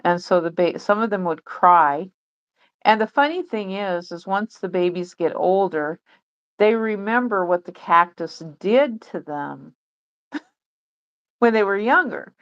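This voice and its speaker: A woman's voice: medium pitch, expressive, measured pace, lo-fi sound. A woman chatting on a livestream in a rambling way, full of fillers and restarts. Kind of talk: casual livestream chat.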